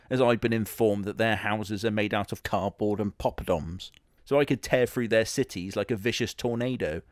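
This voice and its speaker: A man playing a boastful, scheming Big Bad Wolf who defends himself in a deadpan, rambling comedy monologue. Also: medium pitch, no room sound, clean studio sound, natural voice. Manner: self-justifying, deadpan, rambling. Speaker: comic character monologue.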